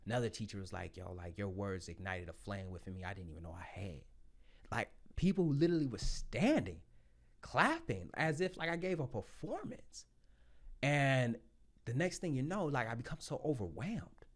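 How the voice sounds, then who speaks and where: Guy in his 30s telling his story on a podcast, swears a lot, gets loud then drops real low. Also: normal speed. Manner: animated, loud bursts when excited, quiet and low when reflective; blunt and profane, slangy. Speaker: podcast guest, Marine sergeant. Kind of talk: casual storytelling.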